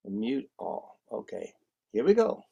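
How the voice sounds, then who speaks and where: Man, lowish husky voice, chatty music teacher on a video call, wanders into analogies. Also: wildly swooping pitch, takes it slowly, dark tone, muffled recording. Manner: rambling, explains with homely analogies. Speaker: dulcimer teacher. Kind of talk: casual class introduction.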